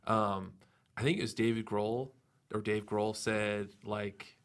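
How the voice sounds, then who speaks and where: A man in casual podcast chat, reading out figures in a relaxed, chatty way. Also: on the low side, slow, clear, resonant tone.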